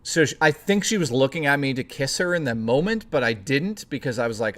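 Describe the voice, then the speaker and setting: A man's voice: mid-range voice, animated, brisk, fairly bright tone. A man hosting a live stream, chatting casually with viewers, swearing freely and reading the chat aloud. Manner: profane, playful, reads chat aloud.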